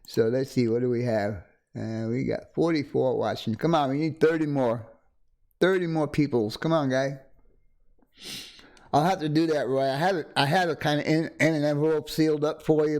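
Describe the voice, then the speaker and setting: A man's voice: medium pitch, steady tone, fairly quick, darkish tone. A middle-aged man casually chatting on a home livestream, greeting viewers by name with frequent chuckles, close to a desk microphone. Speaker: livestream host. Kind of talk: casual live-stream chat. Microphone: desk condenser microphone.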